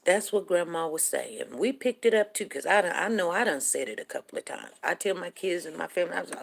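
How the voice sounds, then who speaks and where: A woman's voice: sits low, animated, a little fast, creaky, slightly rough. A woman hosting a show, telling rambling folksy stories. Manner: rambling, folksy, with many restarts. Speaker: show host. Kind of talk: casual storytelling monologue.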